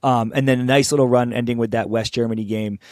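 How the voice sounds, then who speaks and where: A man's voice: medium pitch, steady tone, fast, darkish tone, no echo, clean studio sound. A man hosting a podcast, chatting loosely and swearing as he recaps for his guest. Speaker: podcast host. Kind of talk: casual chat.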